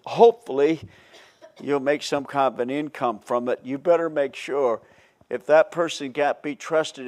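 A man preaching a Bible study sermon in a folksy way, chuckling often and restarting his phrases. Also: mid-range voice.

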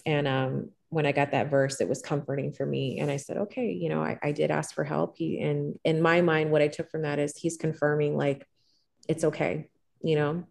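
A middle-aged woman, a guest telling a personal story in conversation, calm and even-keeled, with frequent fillers and restarts. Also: moderate pace. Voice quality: gravelly low voice.

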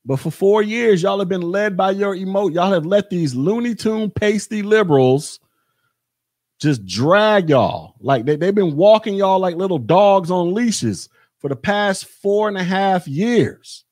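A man's voice: high voice, lively intonation, a little slow, darkish tone, no echo, studio quality. A podcast host, a man, delivering a blunt, repetitive political rant in a monologue. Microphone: podcast mic.

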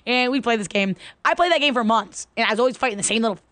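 Fast-talking woman podcast co-host. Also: fairly high pitch, no echo. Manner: animated storytelling, exasperated. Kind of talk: casual chat.

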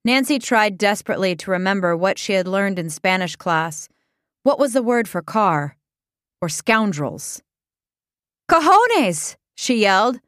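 A woman narrating a comic story in a level, deadpan read. Her voice sits at an ordinary middle pitch. The sound is close and dry, with no room around it. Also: smooth, dry recording. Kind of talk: reading a comic story aloud.

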